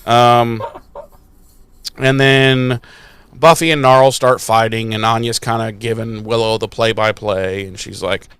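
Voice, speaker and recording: A man co-hosting a podcast, recapping an episode in a profane, sarcastic, animated way. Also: mid-range voice, unhurried, smooth. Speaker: podcast co-host. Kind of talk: casual recap chat.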